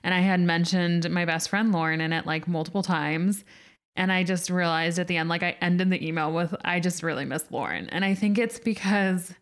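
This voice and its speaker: A woman's voice: lowish voice, steady tone, moderate pace, clean tone. A young adult woman co-hosting a podcast, telling a personal story in casual chat, full of "like" fillers. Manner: chatty storytelling, lots of "like". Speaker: podcast co-host.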